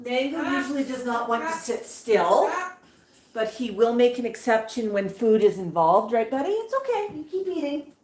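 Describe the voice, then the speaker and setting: A woman's voice: a little high, normal speed, darkish tone. A woman hosting a livestream with her pet parrots, talking to them in sing-song baby talk and reading out viewer chat. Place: home room with parrots. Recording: roomy room with background noise and bird sounds.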